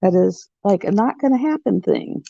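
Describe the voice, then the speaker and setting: A woman chatting casually on her craft vlog as an animated storyteller, recorded at home. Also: mid-range voice, moderate pace, vocal fry, no room sound. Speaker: crafting vlogger. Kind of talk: casual chat. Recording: muffled, dull sound.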